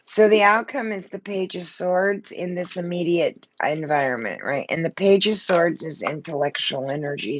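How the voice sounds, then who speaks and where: Gravelly low-voiced woman reading tarot. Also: rough recording. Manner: blunt, emotional, swears freely. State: emotional, short of breath. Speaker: tarot card reader. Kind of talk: live-stream tarot reading.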